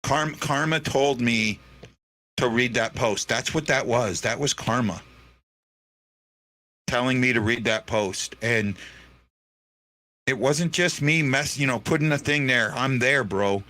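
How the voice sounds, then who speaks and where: A man's voice: mid-range voice, bright, forceful tone. Earnest man choking back tears. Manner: earnest, repeats himself, halting restarts. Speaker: podcast host. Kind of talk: emotional unscripted monologue.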